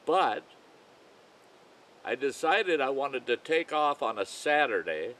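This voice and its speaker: An older man telling a folksy, rambling campfire story about his own past at an unhurried pace. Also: mid-range voice, very animated, a bit bright, low-quality recording.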